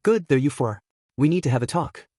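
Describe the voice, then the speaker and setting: A man voicing a strict, weary male teacher in a flat, firm way. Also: medium pitch, fairly quick, dry recording, clean studio sound, lightly acted.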